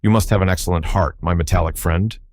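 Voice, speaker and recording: Brief: a fussy, self-important insect scholar, formal and wordy, voiced by a man with a deep voice. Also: fairly even intonation, fast, a little mellow, no echo, clean studio sound. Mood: pompous. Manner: verbose, self-admiring, formal. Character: pompous learned giant male insect, fussy.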